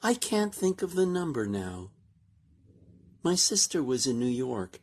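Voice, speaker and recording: A woman performs a recited monologue, drifting slowly through her lines. Her pitch rises and falls freely, giving the telling a lively, musing shape. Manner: slow, reflective storytelling, lively rising and falling pitch.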